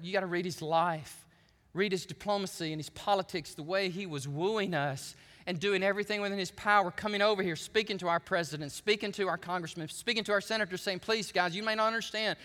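A man's voice: high-pitched, brisk, fairly bright tone, long reverb tail. A man from the United States preaching a sermon as pastor, swinging between chatty asides and fervent preaching.

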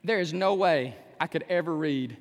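A male pastor preaching a sermon in a church, animated, with sudden shouts and humorous asides. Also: on the high side, moderate pace. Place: church sanctuary. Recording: echoey church hall.

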